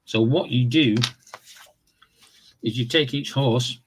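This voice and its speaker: A man casually walking through the rules of a horse racing board game, explaining in a relaxed, rambling way with fillers and self-corrections. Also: medium pitch, slow, slight background noise. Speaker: tabletop game reviewer. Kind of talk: casual tabletop game walkthrough.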